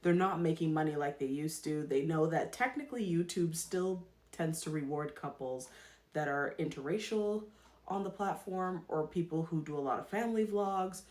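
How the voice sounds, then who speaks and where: A woman's voice: sits low, moderate pace, darkish tone, echoey room. A woman hosting a podcast, giving casual commentary and repeating her points emphatically. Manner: emphatic, repeats herself for stress. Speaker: podcast host.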